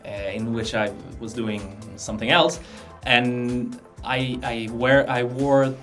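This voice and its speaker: A man's voice: mid-range voice, steady tone, slow pace, fairly bright tone, soft background music. A man with a Swedish accent, a guest chatting casually on a livestream, hesitant and often repeating his words. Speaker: guest playing card designer.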